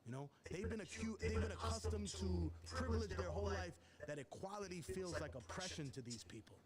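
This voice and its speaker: Animated, cursing man talking on stage. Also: high-pitched, brisk, a loud crowd. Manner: animated storyteller, profane, acts out quotes. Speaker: rapper answering audience questions. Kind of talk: live on-stage Q&A.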